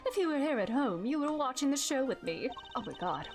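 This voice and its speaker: A flamboyant, snobby rich lady warden gushes in a drawn-out posh drawl, dropping French words into her talk, as a woman reads her lines aloud. Her voice swoops up and down with theatrical flair, lifted a touch above an ordinary speaking pitch. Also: big pitch swings, faint music behind. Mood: gushing.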